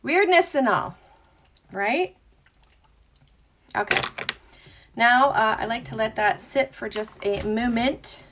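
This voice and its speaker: A young adult woman hosting a casual makeup tutorial, bubbly and chatty, sometimes dropping into a soft whisper. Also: fairly high pitch, takes it slowly, pauses often, background noise.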